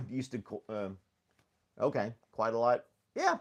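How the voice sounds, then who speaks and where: A man, talking at a middling pitch as he hosts a relaxed morning live stream from home. He rambles through loose chat, laughs easily and calls out viewers by name. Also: slow. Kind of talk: casual chat with live chat readers.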